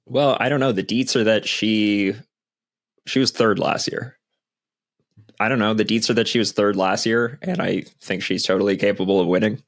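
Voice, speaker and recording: A man's voice: on the low side, fairly even intonation, moderate pace. A man co-hosting a podcast in casual chat, blunt and teasing. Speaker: podcast co-host.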